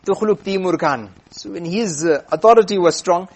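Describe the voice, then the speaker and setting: A man preaching, telling a story in an animated way and acting out the characters. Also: high voice, normal speed. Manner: animated storyteller, acts out voices. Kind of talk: sermon storytelling.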